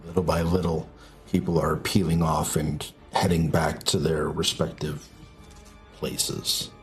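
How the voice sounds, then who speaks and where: A deep-voiced man narrating as game master, unhurried and vivid in his scene-setting. He often pauses and rephrases mid-sentence, with quiet music playing underneath. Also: flat delivery. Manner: slow, descriptive, hesitant restarts.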